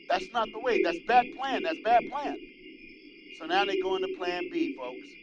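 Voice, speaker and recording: A man hosting his own show, delivering an animated, preachy and mocking political commentary monologue. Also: sits high. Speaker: host. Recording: dull lo-fi with loud crowd noise.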